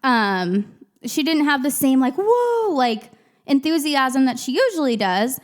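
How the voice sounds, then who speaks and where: A woman's voice: sits high, expressive, unhurried. A young woman, hosting a casual chat about parenting, candid and full of "like" and "you know". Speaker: podcast host, mom.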